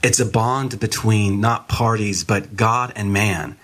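A man who is a theology guest, explaining a topic in a measured teaching way and slowing down to stress key words. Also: lowish voice, a bit bright.

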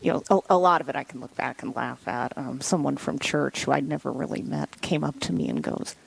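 A woman's voice: rumbling low, fairly quick, creaky, slight background noise, poor audio. A woman guest telling her story in a casual interview, chatty and laughing often.

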